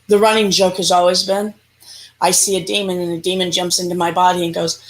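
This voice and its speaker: A woman's voice: lowish voice, a little fast, poor audio. A woman, a paranormal investigator, speaking emphatically and animatedly as an interview guest. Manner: emphatic, animated, laughs often. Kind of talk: casual interview chat.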